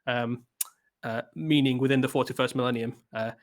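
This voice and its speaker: A man's voice: medium pitch, steady tone, normal speed. A man presenting product previews on a live stream, talking with many ums, uhs and restarts.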